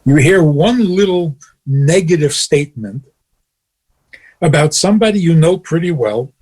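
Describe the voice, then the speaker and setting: A man with a fairly high, husky voice gives a radio teaching as a rabbi. He chuckles often as he talks and drives his points home with pointed rhetorical questions. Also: lively intonation, unhurried, a little mellow. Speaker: rabbi and radio show host. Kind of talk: teaching talk on a radio show.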